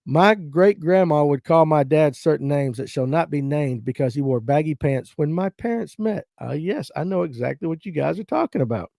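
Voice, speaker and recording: A Southern man in his fifties with a North Georgia accent chats to his viewers in a folksy, storytelling way. His voice sits slightly high but sounds mellow and relaxed. It is recorded close to the mic, dry, with no room sound. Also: normal speed, creaky, hardly any pauses, no echo. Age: 50s. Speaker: livestream host. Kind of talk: casual chat reading viewer comments.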